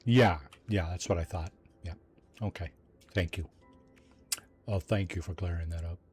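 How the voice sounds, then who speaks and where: A man's voice: low-pitched, moderate pace, darkish tone, breathy edge. A man chatting casually while livestreaming a game, reading chat aloud and joking with his viewers. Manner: chatty, reads chat aloud, jokey asides. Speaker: streamer.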